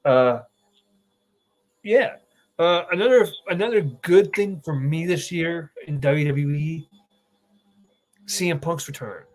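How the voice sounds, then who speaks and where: A young man hosting a casual wrestling chat, an excitable storyteller who swears freely. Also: on the high side, slow pace, long pauses. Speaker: podcast host.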